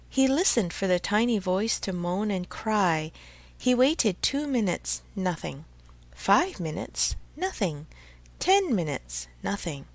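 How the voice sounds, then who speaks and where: A woman slowly narrating a storybook for English learners, in a clear, expressive reading. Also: on the low side, dry recording.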